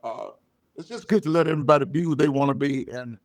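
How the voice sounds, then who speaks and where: An older man, a comedian guest, telling stories and jokes in a loud, punchy way. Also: a little high, fast, dry recording. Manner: loud punchy joke delivery, animated storytelling. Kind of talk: storytelling comedy chat.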